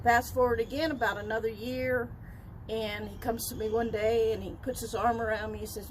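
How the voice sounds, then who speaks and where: High-voiced older woman, animated storyteller. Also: normal speed, slight background noise, rough recording. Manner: lively, laughs often, acts out dialogue. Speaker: interview guest, wild animal trainer.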